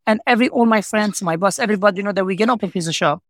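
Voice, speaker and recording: A man's voice: high-pitched, rapid-fire, fairly bright tone, dry recording. A man guest telling his personal story in earnest, non-native English with broken grammar, filling his talk with "you know, like" and repeating himself. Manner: earnest, repetitive, heartfelt. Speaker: interview guest, pizza shop owner.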